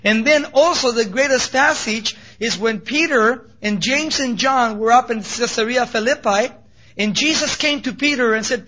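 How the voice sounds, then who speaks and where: A man preaching a sermon in an animated storytelling way with casual asides. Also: very high voice, moderate pace. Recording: dull lo-fi recording.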